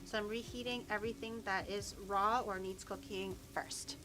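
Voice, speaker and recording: A woman's voice: mid-range voice, steady tone, moderate pace, background noise. A woman vtuber chatting casually to her chat while cooking at home, with frequent swearing and stuttered, repeated words. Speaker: vtuber streamer. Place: home kitchen.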